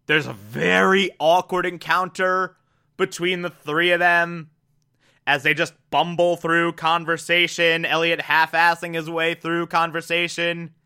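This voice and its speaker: A man's voice: a little high, flat delivery, a little slow, pushed and bright, smooth. A man casually recapping a TV episode in a loose, conversational way, filling gaps with "like". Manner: loose, conversational with frequent "like" fillers.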